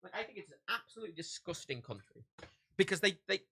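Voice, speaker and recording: Swearing man, gravelly lively voice. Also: high-pitched, fast, no echo, studio quality. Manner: profane, ranting, laughs often. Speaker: livestreamer. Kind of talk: casual livestream chat while packing orders.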